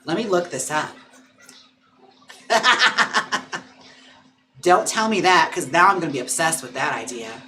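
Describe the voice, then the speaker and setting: A livestream host at home chats casually and playfully, laughing often and cooing at his dog, coaxing it in a higher voice. He speaks slowly with long pauses, in a pushed, bright tone with slight background noise.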